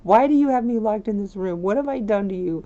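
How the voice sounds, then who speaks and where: A woman voicing an exasperated young woman game character with whiny, pleading complaints, over steady background noise. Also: mid-range voice, fast, muffled recording, voice pushed up, natural voice. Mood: indignant.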